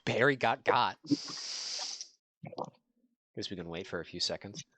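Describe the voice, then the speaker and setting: A man running a tabletop game as game master, narrating in a halting way full of "you know" fillers. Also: lowish voice, pushed and bright, no echo.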